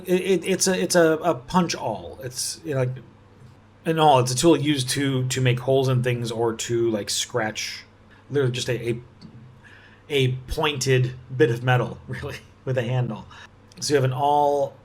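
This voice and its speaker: Slow, musing man thinking aloud. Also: medium pitch. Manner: musing, halting, with frequent restarts and soft laughs. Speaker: puzzle-solving video host. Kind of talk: thinking aloud while solving a puzzle.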